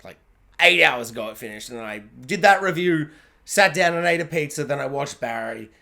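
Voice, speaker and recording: Guy with a pretty high voice doing a chatty tv review, lots of likes, kinda meandering. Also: animated, moderate pace, gravelly, sharp tone. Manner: rambling, heavy on "like" fillers. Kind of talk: casual spoken review.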